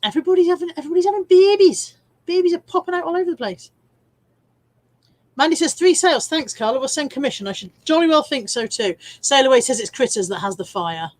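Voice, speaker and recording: Cheeky woman, fairly high voice. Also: expressive, quick pace, dry recording. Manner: chatty, cheeky and swearing, laughs often. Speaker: live stream host reading viewer comments. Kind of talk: casual chat.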